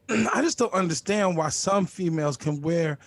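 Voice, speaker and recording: A man's voice: high-pitched, unhurried. A man doing a crude, brash stand-up set from home over a video call. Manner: crude, brash, swearing freely. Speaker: stand-up comic.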